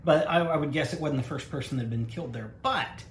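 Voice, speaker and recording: A man's voice: on the high side, fast talker. A man co-hosting a podcast, teasing his partner and telling history anecdotes in a wry, casual way. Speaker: podcast co-host. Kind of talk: casual chat. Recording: roomy with faint noise.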